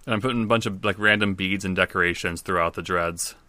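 A man's voice: low-pitched, fairly even intonation, fast talker, pushed and bright, dry recording. A man in casual, playful chat, often laughing as he reads slang terms aloud.

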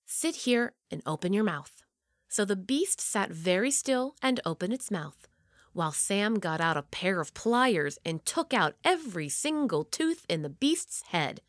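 Expressive woman reading a children's story. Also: a little slow, no room sound, clean studio sound. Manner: expressive, dropping low and quiet for suspense.

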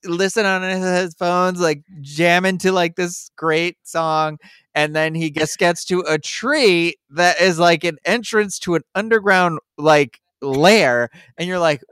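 A man with a fairly high, smooth voice chats casually on a podcast, filling his talk with likes and restarts. The sound is close and dry, with no room around it. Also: measured pace, fairly bright tone, no echo. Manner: chatty, full of likes and restarts. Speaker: podcast co-host. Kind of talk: casual pop-culture chat.

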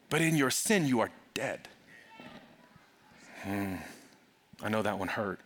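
A middle-aged man preaching a sermon, moving from soft, confiding talk to loud, urgent preaching. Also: lowish voice, animated, takes it slowly, long pauses. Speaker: pastor.

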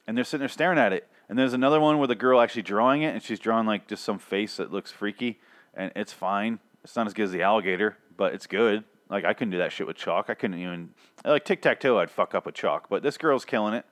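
A man's voice: fairly low pitch, fast talker. Profane, exasperated man ranting. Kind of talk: casual comedic rant.

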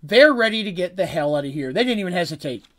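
Man, game master, casual recap, rambling, slightly high voice. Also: sing-song, fast, a bit bright. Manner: casual, rambling storyteller with fillers. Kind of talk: recapping a tabletop game session.

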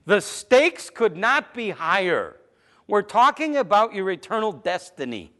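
A male pastor preaching a sermon, emphatic, repeating words as he builds a point and dropping to low, quiet asides. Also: sing-song, unhurried.

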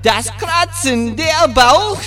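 A man's voice: extremely high pitch, lively intonation, slow pace, sharp tone, faint music behind, pitched above the performer's own voice, exaggerated voice. A man putting on a Jamaican-accented German promo voice. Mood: sing-song. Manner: sing-song, rhythmic, exaggerated.

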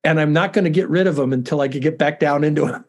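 A man's voice: on the high side, quick pace, a little mellow. A middle-aged man, a university dean, chatting as a guest in a casual interview, self-deprecating and often restarting his sentences.

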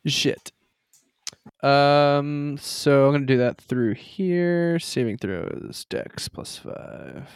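A man's voice: fairly high pitch, extremely slow, clean tone, no echo, clean studio sound. A man playing a tabletop game, chatty and swearing casually. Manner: lively, swearing, laughing. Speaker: player.

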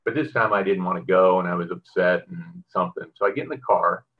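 Brief: middle-aged male pastor, husky low voice, chatty sermon delivery, slightly dull recording. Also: quick pace. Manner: conversational, with fillers and frequent "right?". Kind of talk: sermon with scripture reading and personal story.

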